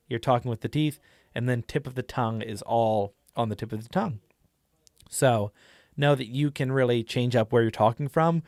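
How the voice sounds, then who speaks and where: A man's voice: mid-range voice, brisk, darkish tone, no room sound, studio quality. A man giving a casual tutorial on tabletop role-play voices, chatty and rambling with many fillers. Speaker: tabletop game teacher.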